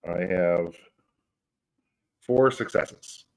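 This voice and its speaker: A man playing a tabletop game, describing his hero's actions in a rambling, animated way. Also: sits low, extremely slow, vocal fry, rough recording. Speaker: player. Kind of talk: casual tabletop game play.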